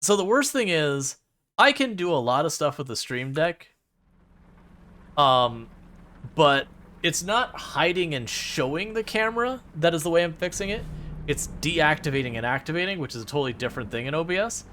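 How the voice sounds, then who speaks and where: A man's voice: a little high, big pitch swings, moderate pace, pushed and bright. A man chatting casually to his chat while streaming a driving game, rambling with lots of fillers and playfully mocking the game.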